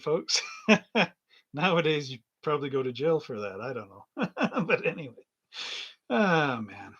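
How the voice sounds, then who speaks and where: Husky-voiced middle-aged man chatting casually. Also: medium pitch, a bit bright, highs cut off. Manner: chuckles often, meandering anecdotes. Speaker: livestream host building model kits. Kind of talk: rambling casual chat while working.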